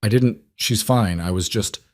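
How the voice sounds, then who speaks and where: A cowardly, abusive boyfriend played by a male narrator who wheedles and whines, his voice pushed higher than the narrator's own. The sound is close and dry, like a storybook audio drama. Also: unhurried, no echo, lightly acted. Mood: wheedling, scared. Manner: wheedling, whiny.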